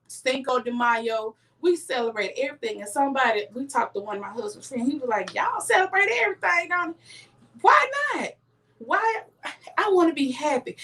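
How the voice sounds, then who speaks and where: A woman's voice: on the high side, a bit bright. A middle-aged woman, giving earnest life advice straight to her viewers in a casual live stream. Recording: voice a bit distant from the mic.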